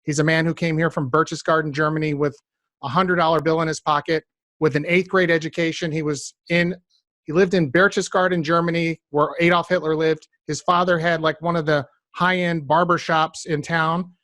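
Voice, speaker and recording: A man hosts a business podcast interview in a conversational style, telling animated stories and speaking directly to his listeners. His voice is a little high and moderately paced, and the studio sound is clean with no echo.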